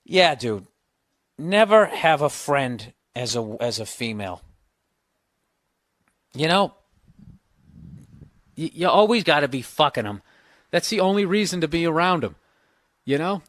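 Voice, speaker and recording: A man's voice: fairly high pitch, lively intonation, unhurried, long pauses, fairly bright tone, dry recording. A man hosting a podcast, giving blunt, profane, rambling advice in casual talk.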